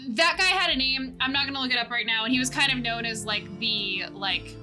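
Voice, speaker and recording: A woman's voice: fairly high pitch, brisk, pushed and bright. A woman running a tabletop game as game master, chatty and rambling, often laughing. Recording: faint fantasy music behind.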